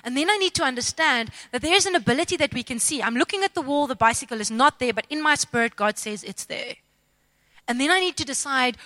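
A woman telling a personal faith testimony in an expressive, self-mocking, dramatic storytelling way. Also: high voice, no echo. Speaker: speaker sharing a testimony.

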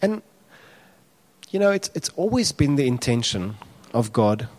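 Male pastor, lively sermon delivery that jumps loud on acted-out quotes. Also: medium pitch, measured pace. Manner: animated, acts out quotes with raised voice.

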